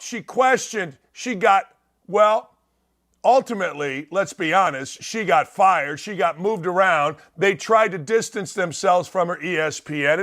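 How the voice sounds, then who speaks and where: A man hosting a sports talk show, his voice sitting unusually high for a man. He speaks in an emphatic, building monologue and repeats his points for effect. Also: fairly bright tone. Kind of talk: opinionated monologue.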